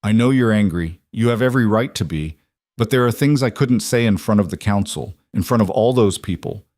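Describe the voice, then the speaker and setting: A man's voice: lowish voice, fairly quick, a little mellow, no room sound, close to an everyday voice. A man voicing a young alpha king who pleads earnestly to be let in, in an audiobook story. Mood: pleading.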